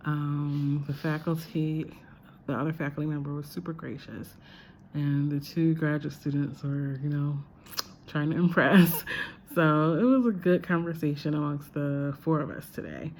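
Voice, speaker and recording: A woman with a deep, low voice talks through her teaching day in a casual vlog. She is chatty and reflective and often pauses on fillers. A faint hiss runs under the recording. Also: fairly even intonation, a little mellow. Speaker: visiting lecturer. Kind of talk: casual spoken diary.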